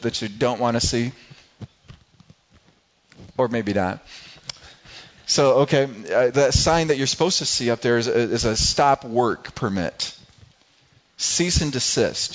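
A man preaching a sermon as pastor, talking conversationally, often repeating words and acting out what people say. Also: medium pitch. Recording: slightly dull, lo-fi sound.

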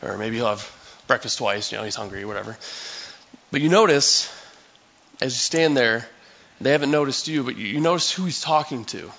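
A man's voice: mid-range voice, normal speed, vocal fry, fairly bright tone, highs cut off. A male pastor giving a sermon in a conversational, storytelling way, acting out scenes for his listeners.

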